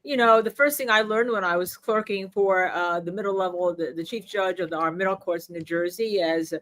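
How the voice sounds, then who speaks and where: A woman's voice: mid-range voice, fairly quick. A woman lawyer co-hosting a live legal show, explaining court procedure in an instructive, coaching way. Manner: animated, instructive, coaching her co-host. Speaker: co-host and lawyer. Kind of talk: live legal analysis chat.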